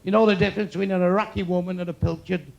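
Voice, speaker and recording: Racing through crude jokes at the audience's expense, this sixty-something comic has a high, gravelly voice held at a steady tone. The highs are cut off, and the live club room is noisy with laughter.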